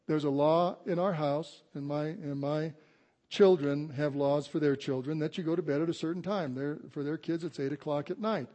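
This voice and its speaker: An older man, a grandfather, preaching a conversational sermon to a congregation and slowing down to stress scripture. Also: a little high, dark tone. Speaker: pastor. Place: church sanctuary before a congregation.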